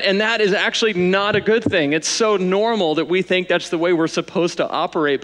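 A young man gives a sermon in a conversational, lively way, slipping into little acted asides. His voice sits a touch high. It rings out with the long reverb of a large hall. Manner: conversational, animated asides, sings and mimics while preaching. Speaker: pastor.

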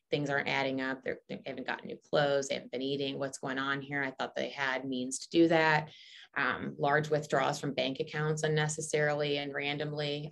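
A woman gives an educational talk in a low, gravelly voice. She explains steadily, with frequent ums and self-corrections. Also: a bit bright. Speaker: presenter.

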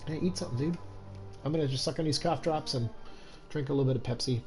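A man's voice: medium pitch, quick pace, a little mellow, soft background music, rough recording. Tired, stuffed-up young man streaming. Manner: keeping his voice down, rambling with many fillers. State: stuffed up with a cold; exhausted. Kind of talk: casual game-stream chat. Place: home room at night.

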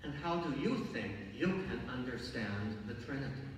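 Brief: a priest playing a flat, matter-of-fact young boy, heard from far off in an echoing church. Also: mid-range voice, normal speed, noisy background, pitched below the performer's own voice, natural voice. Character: little boy of six or seven, matter-of-fact.

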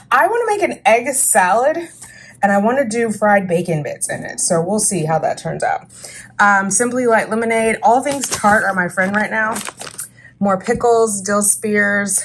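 A woman's voice: mid-range voice, a little hiss or hum. A woman in her thirties chatting casually in a vlog, talking herself through her breakfast and her groceries. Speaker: vlogger.

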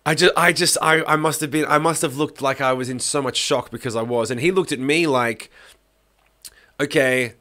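A man's voice: medium pitch, normal speed, pushed and bright. A middle-aged man on a podcast, casually telling a rambling story and often restarting his sentences. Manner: rambling, self-interrupting anecdotes. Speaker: podcast host.

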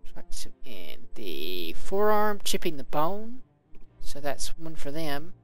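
A man's voice: on the high side, wildly swooping pitch, slow pace, a bit bright, faint music behind, rough recording. A man commentating a video game, reading its combat log aloud and adding casual remarks. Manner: reads game text aloud with casual asides. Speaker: let's play commentator.

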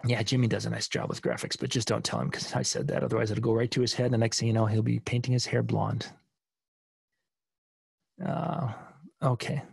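A man's voice: mid-range voice, steady tone, fairly quick, creaky, husky, no echo, studio quality. A middle-aged man hosting a live streaming seminar from a home desk, chatty and rambling with many restarts as he answers viewer questions.

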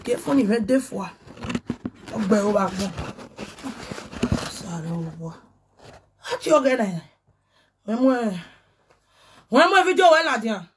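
A woman from Nigeria with a Nigerian Pidgin accent, ranting excitedly on a casual livestream and breaking into chanted syllables and laughter. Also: fairly high pitch, slow, long pauses, slight background noise. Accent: Nigerian Pidgin English. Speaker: social media personality.

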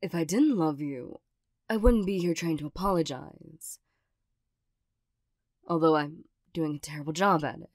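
A woman's voice: lowish voice, lively intonation, moderate pace, mellow, no echo, clean studio sound. A woman playing a stammering tsundere girlfriend, whispered role-play. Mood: flustered. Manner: hesitant and stammering, with nervous little laughs. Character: awkward tsundere young girlfriend, gruff but loving. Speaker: ASMR role-play performer.

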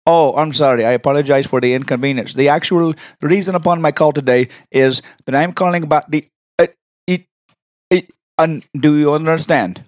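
A man putting on a confused male caller who talks slowly and politely but keeps trailing off. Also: on the high side, darkish tone, dry recording, studio quality, close to an everyday voice. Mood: slow, mock-polite. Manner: drawn-out, halting, falsely polite.

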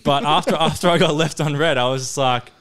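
A man's voice: fairly high pitch, fairly quick, fairly bright tone. Young man telling a sweary story. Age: young adult. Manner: laid-back, sweary, laughs while telling. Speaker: podcast co-host. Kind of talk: casual storytelling chat. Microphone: podcast studio mic.

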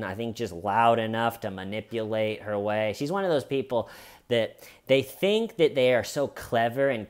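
A man narrating casual true crime commentary in an ordinary mid-range voice. His tone is wry and sarcastic, and he keeps slipping into quick impressions of the people he describes. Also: mid-range voice, smooth. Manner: sarcastic and wry, acting out quotes.

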